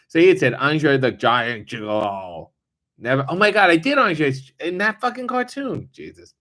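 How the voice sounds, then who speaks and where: A man's voice: mid-range voice, a bit bright. A man hosting a casual livestream, reading viewer comments aloud and answering them with wry, sarcastic asides and casual swearing. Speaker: livestream host reading chat. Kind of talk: casual live chat.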